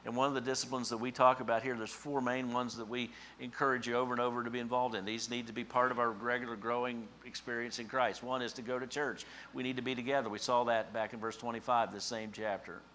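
A man preaching a sermon as pastor, swinging from hushed, slow scripture lines to loud emphatic peaks. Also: medium pitch, flat delivery, slight background noise. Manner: emphatic, with dramatic swells and hushed drops; slows down for scripture quotes.

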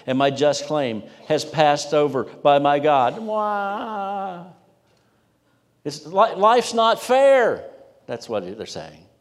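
A man preaching a sermon emphatically, rising in pitch and volume when reading scripture and dropping low for asides. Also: darkish tone. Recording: long hall reverb.

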